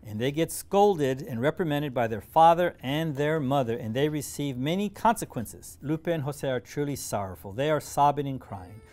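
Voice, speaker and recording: A man reading a children's storybook aloud, animated, with dramatic pauses. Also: fairly high pitch.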